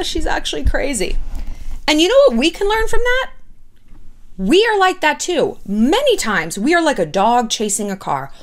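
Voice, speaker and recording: Woman gossip host, animated and sarcastic, fairly high voice that swoops all over. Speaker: pop culture commentary host. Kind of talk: casual gossip commentary.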